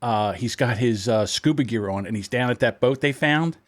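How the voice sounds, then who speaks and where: A man's voice: mid-range voice, moderate pace, no room sound. A man, telling profane stories in casual podcast banter. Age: 60s. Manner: animated, profane storyteller. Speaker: podcast guest.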